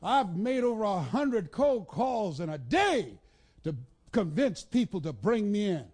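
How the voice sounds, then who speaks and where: A man giving a motivational speech to a live audience, in a preacher-like cadence that builds with repetition and breaks into shouts, telling the crowd to repeat after him. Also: sits high, big pitch swings, unhurried. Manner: commands the audience to repeat and write things down. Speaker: motivational speaker.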